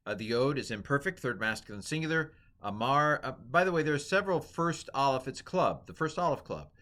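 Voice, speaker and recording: A man's voice: mid-range voice, animated, fairly quick, bright, forceful tone. A middle-aged man giving a casual, chatty lesson on grammar, explaining with many fillers and asides. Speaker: teacher. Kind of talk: lecture on Hebrew grammar.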